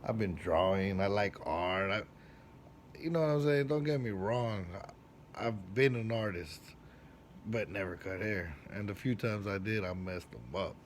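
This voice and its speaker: A man who works as a barber, casually telling a personal story in street slang, with profanity and lively acted-out quotes. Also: a little slow, a little hiss or hum. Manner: animated, acts out quoted lines with big jumps in pitch and loudness.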